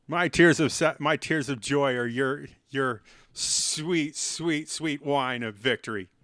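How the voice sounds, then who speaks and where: A man's voice: on the high side, takes it slowly, bright, forceful tone, no room sound. A man chatting on a live stream while playing chess, rambling and self-mocking and cracking silly jokes. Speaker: livestreamer.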